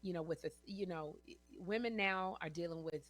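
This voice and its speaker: A woman's voice: fairly low pitch, brisk. A woman in her fifties, a guest in a casual interview, telling stories animatedly, acting out quotes and laughing often. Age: 50s.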